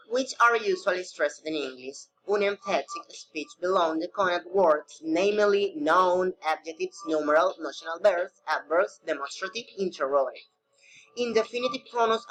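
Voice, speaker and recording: A man teaching a recorded English pronunciation lesson, reading slowly with non-native phrasing. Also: sits high, fairly bright tone, rough recording.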